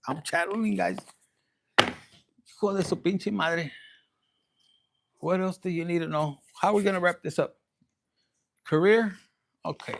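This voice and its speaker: A man's voice: high-pitched, gravelly, slight background noise. A man giving a casual, rambling and bawdy tarot reading, joking and slipping into Spanish. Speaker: tarot reader.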